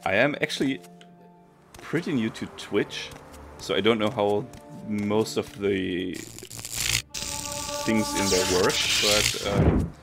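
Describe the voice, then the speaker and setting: Man, gaming commentary, very low gravelly voice, game music underneath. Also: slow pace. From Germany. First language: German. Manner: thinking aloud, self-correcting. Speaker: let's play streamer. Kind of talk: casual gameplay commentary.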